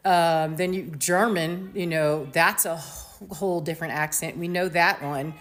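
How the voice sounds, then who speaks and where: A woman's voice: on the low side, fairly even intonation, measured pace, a bit bright. A woman from the United States hosting her own show, giving a blunt, emphatic commentary monologue full of fillers and restarts. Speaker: show host.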